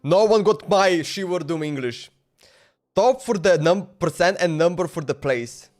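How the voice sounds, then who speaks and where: High-voiced chatty male streamer. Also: lively intonation, measured pace, a little mellow, soft background music. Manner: chatty, laughing, talks to chat in broken English. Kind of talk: casual live-stream chat.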